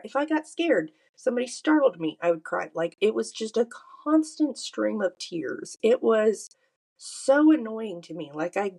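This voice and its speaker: A woman's voice: medium pitch, creaky, husky. A married woman hosting a podcast, telling a personal story in a candid, confessional way with frequent fillers and restarts. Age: adult, married. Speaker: podcast host.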